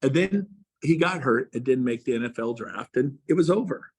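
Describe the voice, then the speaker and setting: A man's voice: medium pitch, expressive, normal speed, husky. A man, a real estate coach, giving an emphatic motivational speech to agents and firing rhetorical questions at them. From Texas.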